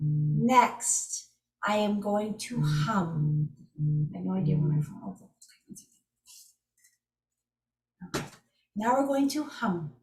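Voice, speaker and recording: A woman's voice: mid-range voice, animated, takes it slowly, long pauses, darkish tone. Woman guiding a tapping session, echoey. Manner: encouraging, speaks example phrases aloud. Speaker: energy healing teacher. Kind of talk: guided tapping demonstration. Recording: echoey room, far from mic.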